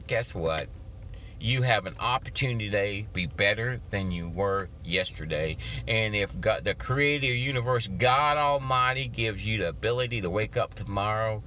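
A man's voice: medium pitch, sharp tone, slight background noise. A man hosting a motivational podcast, talking in a folksy, preacherly way and acting out his own inner voices. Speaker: podcast host.

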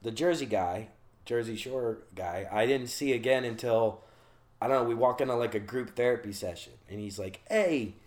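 A man's voice: mid-range voice, normal speed. Man telling a story in a loose, cursing way. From Charleston, South Carolina. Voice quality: swears freely, acts out quoted lines in voices. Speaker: guest recounting his rehab stay. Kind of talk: casual storytelling chat.

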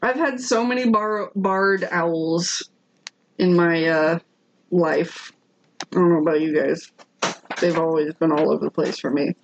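A woman co-hosting a podcast, excitable and rambling, often laughing as she chats. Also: fairly low pitch, a little slow, slight background noise, poor audio. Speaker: podcast co-host. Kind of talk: casual chat.

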